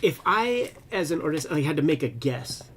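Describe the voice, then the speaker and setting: A man co-hosting a casual comics chat as a working cartoonist, talking in an animated, loose way with profane, slangy asides. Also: fairly high pitch, moderate pace, slight background noise. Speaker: co-host, cartoonist.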